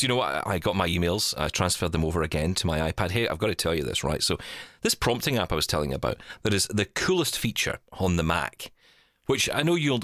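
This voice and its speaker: A man's voice: low-pitched, fairly bright tone, no room sound, studio quality. A man hosting a casual podcast panel chat, rambling and self-deprecating. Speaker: podcast host.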